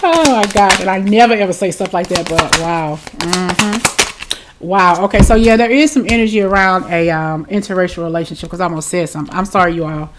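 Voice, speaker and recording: A woman's voice: fairly low pitch, brisk, slight background noise. A woman giving a tarot reading, talking straight to her viewers in a chatty, reassuring way and often tagging lines with "okay?" and "you know". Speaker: tarot reader. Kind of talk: tarot reading talk to camera.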